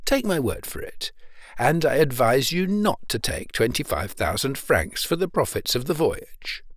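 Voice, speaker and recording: A man doing a calm, resolute young sailor. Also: medium pitch, moderate pace, no echo, clean studio sound. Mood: grave. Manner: steady, grave and respectful.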